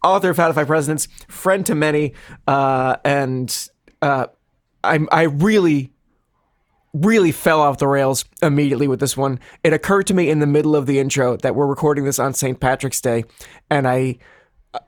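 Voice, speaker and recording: A man's voice: on the high side, normal speed, dry recording. A man with a slightly raised voice hosts a comedy podcast in loose, casual chat. He rambles, restarts his sentences and pokes fun at himself. The recording is close and bone-dry, with no room sound. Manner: self-deprecating, rambling with restarts. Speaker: podcast co-host.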